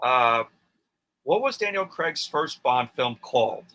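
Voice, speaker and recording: A man hosting a casual trivia round, reading out questions in a matter-of-fact way. His voice is bright and forward with a sharp edge. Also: medium pitch, lively intonation, slow pace, low-quality recording. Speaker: quizmaster.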